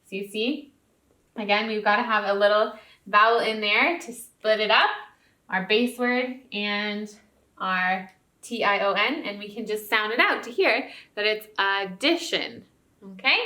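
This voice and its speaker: A woman's voice: medium pitch, measured pace, pushed and bright. A woman teacher giving a recorded spelling lesson to young students, patient and encouraging, often checking in with "okay?". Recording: roomy echo.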